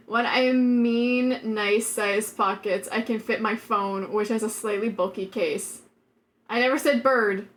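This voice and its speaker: A high-pitched woman chatting on her live stream, unhurried in her delivery. She rambles, giggles often and leans on filler words as she reacts to chat. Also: steady tone.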